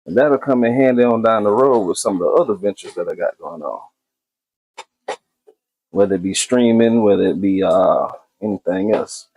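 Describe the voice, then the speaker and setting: A man's voice: mid-range voice, darkish tone. A man hosting a casual cooking video, talking to viewers as he cooks and often repeating his phrases.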